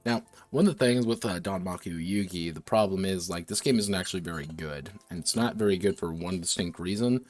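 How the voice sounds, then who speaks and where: Rambling, slightly tipsy low-voiced man. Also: a little fast, few pauses, a little mellow, soft background music. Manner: rambling, restarts and self-corrections, slightly slurred. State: tipsy from drinking. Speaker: tabletop game designer streaming his work. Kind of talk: casual thinking-aloud stream.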